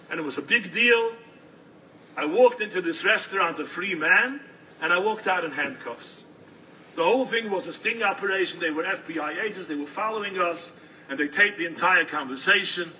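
A man telling a story in an animated, dramatic storytelling manner. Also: high-pitched, far from the mic, slight background noise, rough recording. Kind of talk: oral storytelling.

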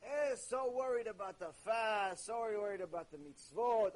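A man teaching a religious ethics lecture in an animated, conversational way. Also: high-pitched, normal speed, hardly any pauses, low-quality recording. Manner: animated, conversational, with sudden jokes.

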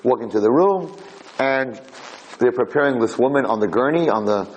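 Animated male storytelling lecturer. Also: mid-range voice, moderate pace, rough recording. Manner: animated, acts out characters' voices.

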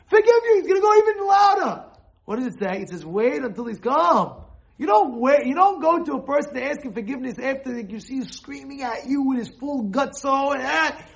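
A man giving an informal sermon, animated and full of restarts, breaking into shouted quoted voices. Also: very high-pitched, brisk, gravelly. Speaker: rabbi giving a talk. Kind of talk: informal sermon with acted examples.

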